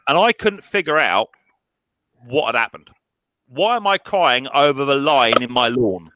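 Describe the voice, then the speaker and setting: A man's voice: mid-range voice, expressive, a little slow, noisy background. A man hosting a live stream chat, telling a personal story with many restarts and repeated words. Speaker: mower repair channel host.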